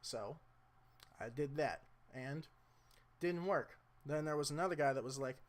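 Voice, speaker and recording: A man's voice: mid-range voice, moderate pace. A young man casually explaining a motorcycle repair in a rambling, self-deprecating way, talking to the camera mic as he works. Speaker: motorcycle vlogger. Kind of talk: casual how-to vlog.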